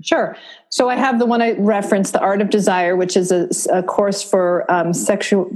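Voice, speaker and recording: A woman from Vermont, a therapist, explaining her courses to an interviewer in a steady, explanatory way. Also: mid-range voice, moderate pace. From Vermont, USA. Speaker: therapist and course creator, guest. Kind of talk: interview answers.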